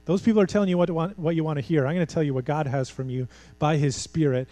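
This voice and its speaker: A man's voice: a little high, steady tone, fast, few pauses, warm tone, no echo. A man preaching a sermon in a church, talking conversationally, pressing his points with emphasis and rhetorical questions. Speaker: pastor.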